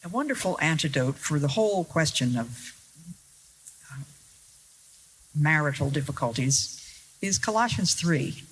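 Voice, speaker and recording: A woman preaching a sermon to an audience, earnest and deliberate, with wry rhetorical questions and stressed key words. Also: low-pitched, expressive, husky, rough recording. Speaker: Christian speaker.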